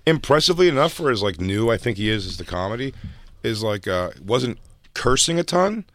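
A man's voice: medium pitch, big pitch swings, a little fast, fairly bright tone, dry recording. A man co-hosting a podcast, chatting loosely and joking while reacting to video clips. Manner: laid-back, loose and joking, full of fillers. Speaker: podcast co-host. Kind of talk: casual chat reacting to clips.

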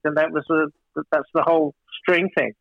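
A man, a record producer, telling a long studio story in a casual interview, rambling with many fillers and restarts and growing animated and emphatic. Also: fairly high pitch, moderate pace, creaky, no echo, phone-quality sound.

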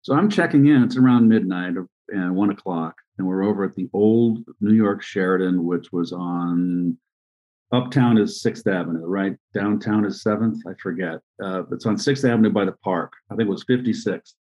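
An older man in his sixties, telling rambling stories in a fairly low voice. The recording sounds dull and lo-fi, and he often trails off and restarts mid-sentence. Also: a little mellow. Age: 60s. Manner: rambling, anecdotal, frequent restarts and pauses. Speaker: interview guest, former baseball player and manager. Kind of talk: conversational storytelling.

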